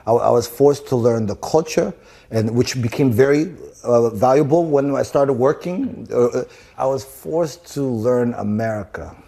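A man from Zimbabwe answering interview questions in a relaxed, halting way, often repeating words and restarting. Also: medium pitch, gravelly. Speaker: interview guest. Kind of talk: casual interview talk.

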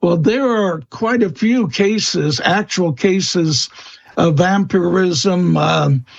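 Guy w a high-ish gravelly voice, talks slow, lots of ums, kinda dull lo-fi sound. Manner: slow, hesitant, many fillers and restarts. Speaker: guest expert on vampire lore. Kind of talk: interview answers.

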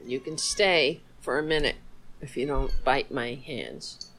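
A woman's voice: very deep voice, measured pace, a bit bright, low-quality recording. Sarcastic woman hosting a livestream. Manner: sarcastic, swearing, chatting to her dog between topics. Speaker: livestream host. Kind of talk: casual political commentary livestream.

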